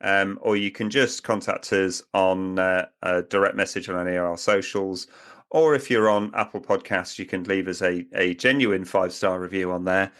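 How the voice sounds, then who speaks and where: A man's voice: sits low, steady tone, normal speed, fairly bright tone. A man co-hosting a podcast, talking in a rambling, chatty way and laughing often. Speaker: podcast co-host. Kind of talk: casual chat.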